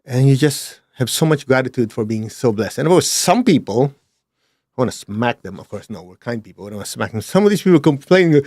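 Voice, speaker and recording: A man telling a personal story in a plain-spoken way, his delivery swinging between hushed and emphatic, with blunt asides. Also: mid-range voice, lively intonation, fairly quick, dry recording, studio quality. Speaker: speaker sharing a personal story.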